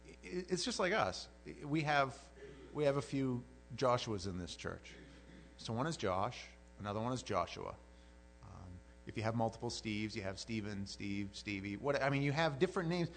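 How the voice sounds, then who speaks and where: A middle-aged male pastor gives a sermon in a storytelling way. His pitch swings widely as he acts out the voices in the story. A faint electrical hum sits under the recording. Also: normal speed, gravelly. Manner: animated storytelling, acting out voices. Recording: mains hum.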